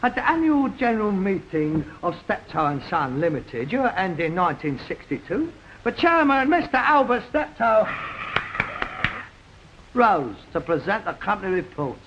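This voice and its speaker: A sarcastic, self-pitying son, grumbling about his lot. His voice sits high for a man. It sounds like a dull old radio recording with faint hiss. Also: very animated, normal speed, a bit bright, full character voice. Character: frustrated grown son stuck in a junk business. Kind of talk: 1960s radio sitcom acting.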